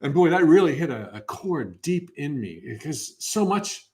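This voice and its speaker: An enthusiastic man in his fifties leading a live motivational workshop, his voice sitting a little high for a man. He talks in an upbeat, encouraging way, often restarting phrases as he goes. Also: big pitch swings, moderate pace, a little mellow. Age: 50s.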